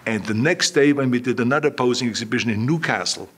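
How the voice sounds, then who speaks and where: This is a fast-talking older man from Austria with a medium-pitched voice and a breathy edge, telling stories as an interview guest. He's anecdotal, says things more than once, and performs the voices of those he quotes.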